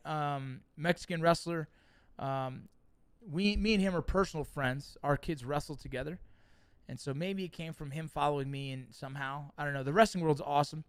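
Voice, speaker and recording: A middle-aged man hosting a livestream, reading chat and telling stories in a casual, profane, animated way. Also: a little high, clean tone, dry recording.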